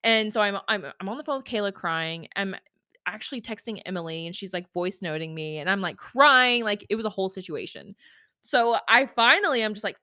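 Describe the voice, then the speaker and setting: A woman's voice: mid-range voice, animated, brisk, pushed and bright, no room sound, studio quality. A woman hosting a podcast, talking casually and emotionally about her own life in a chatty way, full of "like" and "y'all". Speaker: podcast host. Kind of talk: casual personal monologue.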